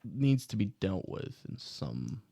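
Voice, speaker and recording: A man playing a tabletop game in character, speaking in a formal, measured way. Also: on the low side, very animated, gravelly, mellow, no room sound. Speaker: player.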